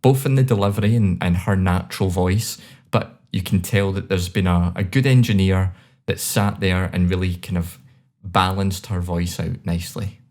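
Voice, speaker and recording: A man with a Scottish accent co-hosting a podcast, reviewing songs in a relaxed, chatty way with many fillers. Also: low-pitched, moderate pace. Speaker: podcast co-host. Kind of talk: casual chat.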